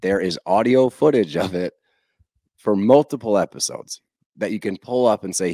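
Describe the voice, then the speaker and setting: A man co-hosting a casual recap podcast, profane and animated, who acts out quotes in sudden high bursts. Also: normal speed, dry recording, studio quality. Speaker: podcast co-host.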